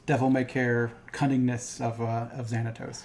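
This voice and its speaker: A man's voice: medium pitch, little pitch movement, moderate pace, a little mellow, slight background noise. A young man co-hosting a podcast and chatting casually about a cartoon, rambling and swearing. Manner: rambling, profane, fond of asides. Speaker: podcast co-host and game master.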